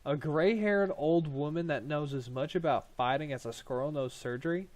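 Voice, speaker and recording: A gruff, bitter old frontier doctor who answers with blunt sarcasm. A man reads her lines with no real change of voice. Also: on the high side, normal speed, lightly acted. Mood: sarcastic. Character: gruff older woman doctor, bitter and skeptical.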